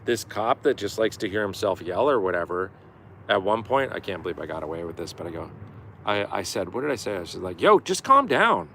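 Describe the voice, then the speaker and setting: A man's voice: deep voice, a little fast, a little hiss or hum. A middle-aged man telling a story in a casual, profane live-stream rant. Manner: profane, animated, acts out yelling quotes.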